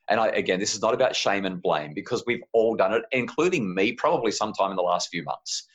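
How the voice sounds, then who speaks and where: Man, low-pitched voice, lively swooping delivery, earnest interview guest, slightly dull recording. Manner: earnest, animated, acts out quotes with high pitch jumps. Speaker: parenting author, guest. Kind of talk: conversational interview.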